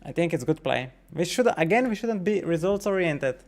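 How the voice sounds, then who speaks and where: A man streaming poker, thinking out loud about each hand, swearing often and questioning his own nerves as he talks to his chat. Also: fairly high pitch, animated, moderate pace, faint music behind. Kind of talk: live-stream commentary while playing.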